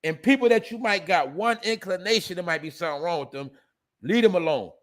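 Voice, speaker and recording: A man hosting a casual live stream, talking loosely in street slang and shouting out viewers in the chat. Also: high-pitched, expressive, fairly quick.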